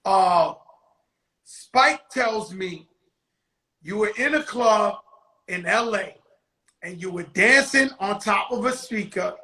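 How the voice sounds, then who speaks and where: A man runs a casual interview in a high, bright, forceful voice. He talks loosely and emphatically, often repeating himself as he winds into his questions. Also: lively intonation, slow pace, long pauses. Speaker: host, rapper.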